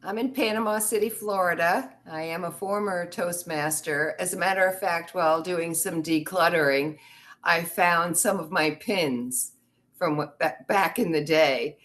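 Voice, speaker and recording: A woman's voice: lowish voice, unhurried, fairly bright tone. A woman visiting a club meeting as a former member, introducing herself in a friendly, chatty way. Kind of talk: casual self-introduction.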